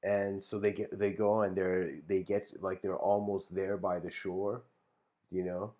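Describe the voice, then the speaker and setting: Low-voiced man telling a rambling story. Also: level tone, unhurried, warm tone. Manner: rambling, laid-back, many fillers and restarts; chuckles between phrases. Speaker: speaker giving a talk. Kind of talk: casual spoken storytelling and reflection.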